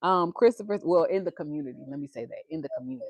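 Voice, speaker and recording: A woman's voice: deep voice, lively intonation, rapid-fire, dry recording. A woman, chatting casually on a livestream, laughing often and reading viewer comments aloud. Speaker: livestream host.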